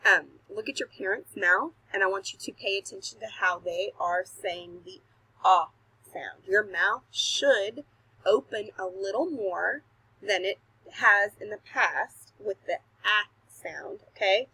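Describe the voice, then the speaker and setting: A woman teacher talks young children through letter sounds in a recorded home lesson, slow and patient with careful pauses. Her voice is bright but a little breathy, and the recording is dry and close. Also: mid-range voice, no echo, rough recording. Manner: self-deprecating, laughs at her own slips. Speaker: kindergarten teacher. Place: home recording, not a classroom.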